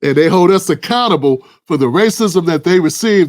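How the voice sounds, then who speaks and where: A man's voice: sits high, animated, normal speed, few pauses. A man giving impassioned political commentary, preaching and firing off rhetorical questions at a co-host. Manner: addresses a co-host by name.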